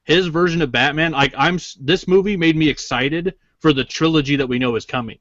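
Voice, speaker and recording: A man's voice: fairly high pitch, a little fast, fairly bright tone, no echo, muffled recording. A man co-hosting a podcast in casual chat, opinionated and argumentative, swearing casually. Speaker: podcast co-host.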